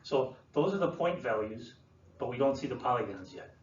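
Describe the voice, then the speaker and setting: A man presenting to an audience, explaining in a relaxed way with many fillers and restarts. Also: medium pitch, moderate pace. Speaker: land use planner presenting. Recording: roomy, distant, dull sound with faint room noise.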